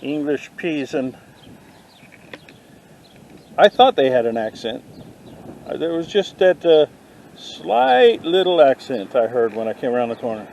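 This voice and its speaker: Male vlogger, slightly high voice, dry punning humor, outdoors with faint background noise. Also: unhurried, vocal fry, pauses often, poor audio. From not from the South. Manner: deadpan punning asides. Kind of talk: joking walk-through commentary. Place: outdoor garden.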